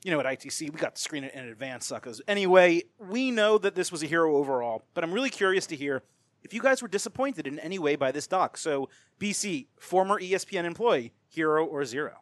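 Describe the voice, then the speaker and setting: A man hosting a casual chat, briskly setting up topics and putting questions to his co-hosts. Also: a little high, expressive, no room sound. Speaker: podcast host.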